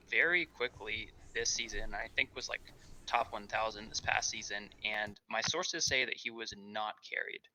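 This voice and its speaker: A man's voice: mid-range voice, sharp tone, low-quality recording. A man co-hosting an esports awards show, giggling and coy in casual chat. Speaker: awards co-host.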